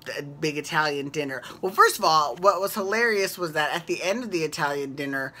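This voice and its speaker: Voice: mid-range voice, brisk, sharp tone. A host recapping a reality show in a casual, gossipy vlog, chatting and laughing along. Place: home at night.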